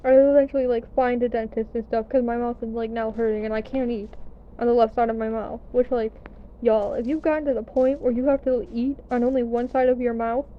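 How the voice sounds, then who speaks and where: A young woman from the US tells a rambling story while gaming, casual and self-deprecating, with a bit of swearing. Her voice sits a little high. The recording is dull and lo-fi with a faint hiss underneath. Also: level tone, brisk. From United States. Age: young adult. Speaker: gaming vlogger. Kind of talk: casual storytelling over gameplay.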